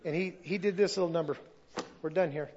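A middle-aged man tells his own story to a church congregation, earnest and openly emotional. His voice sits a little high for a man. The recording is dull and lo-fi. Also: fairly quick, a little mellow, a little hiss or hum. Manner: earnest and emotional, sometimes loses his place. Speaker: church testimony speaker. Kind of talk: personal testimony at a church service.

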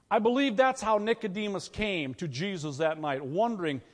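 High-voiced preacher in a reverberant hall. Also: male voice, expressive, brisk, few pauses. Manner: conversational preaching, asks the congregation questions. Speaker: pastor. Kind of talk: sermon. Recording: long reverb of a church hall.

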